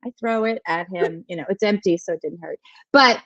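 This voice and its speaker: Mom talking parenting stuff, animated, repeats herself for emphasis, dull lo-fi sound, dry. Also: female voice, on the low side, fairly quick, no room sound. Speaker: guest author. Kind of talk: storytelling in a conversational interview.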